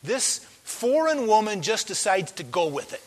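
A man preaching a sermon as pastor, telling the story with animated delivery and acting out the voices in it. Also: high-pitched, normal speed. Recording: long hall reverb.

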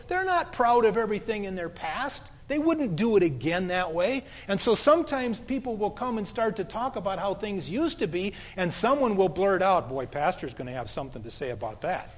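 A man preaching a sermon as a pastor, telling stories in a conversational way. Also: sits high. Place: church sanctuary. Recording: long church reverb.

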